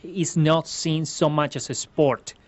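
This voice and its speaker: A man's voice: a little high, fairly even intonation, slow. A man from Venezuela, a ballroom dance instructor answering interview questions earnestly, explaining step by step with many restarts. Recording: slightly muffled lo-fi sound.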